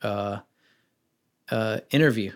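A man's voice: lowish voice, takes it slowly. A man being interviewed on a podcast about wedding filmmaking, talking casually and acting out the questions he asks people. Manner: rambling, acts out quoted questions in a lively voice.

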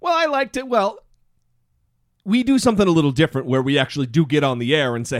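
Podcast co-host, male, hoarse, animated and profane, dry close mic. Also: a little high, fast talker, no echo. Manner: animated storytelling, swearing freely. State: hoarse voice from a throat illness. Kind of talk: casual chat.

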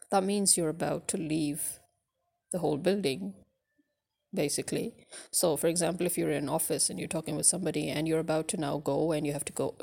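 Gravelly-voiced woman teaching spoken English. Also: on the low side, darkish tone. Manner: loose, explaining with many fillers.

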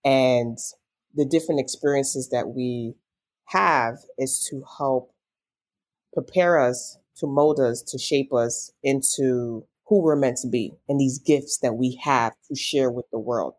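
A guest on an interview show who works as a life coach. The delivery is earnest and reflective, with an even, mid-pitched voice. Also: slow. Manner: reflective, earnest, spiritual musing. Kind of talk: casual conversational interview.

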